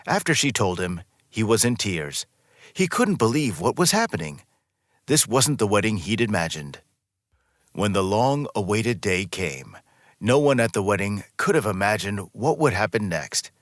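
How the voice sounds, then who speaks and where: Lively low-voiced male narrator, dry. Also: no echo. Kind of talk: scripted story narration.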